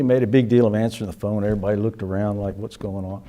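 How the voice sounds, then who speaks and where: A man's voice: on the low side, steady tone, rapid-fire, warm tone. An older man, a musician, reminiscing in a casual interview, rambling with many restarts and chuckles.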